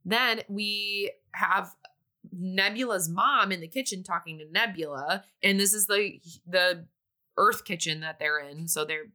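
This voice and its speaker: A woman's voice: fairly low pitch, a little slow, bright, forceful tone. A woman casually recapping a movie plot in a chatty way, sometimes briefly acting out the characters' lines.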